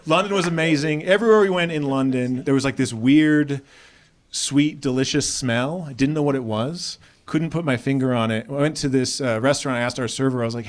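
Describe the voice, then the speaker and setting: A young man from Australia with an American accent performing a stand-up comedy set on a club stage, animated and jumping into high voices for quotes. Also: fairly quick. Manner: animated, jumps up in pitch for acted-out quotes. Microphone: handheld stage mic. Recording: live club set with crowd laughter. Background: audience laughter.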